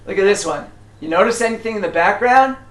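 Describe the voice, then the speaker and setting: A high-pitched, animated man talks fast as he guides a small group through history, chatty and constantly asking his listeners questions, with lots of fillers and restarts. The room is echoey.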